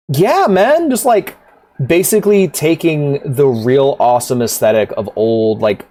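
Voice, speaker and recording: A man's voice: medium pitch, mellow. A man streaming a rhythm game, chatting casually in a rambling, profane way, laughing often. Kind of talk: casual livestream chat.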